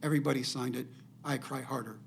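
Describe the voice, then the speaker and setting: Gravelly older man telling a story. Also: mid-range voice, fast, a little hiss or hum. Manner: animated storyteller acting out quoted dialogue. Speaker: podcast guest. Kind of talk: personal storytelling.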